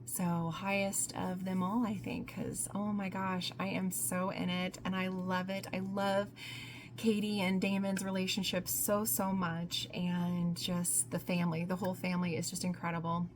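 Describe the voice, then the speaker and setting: A woman talking casually about books in her vlog, gushing and excitable, breaking into squeals and laughter. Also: fairly low pitch, normal speed, noisy background. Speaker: book vlogger. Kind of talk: casual book review vlog.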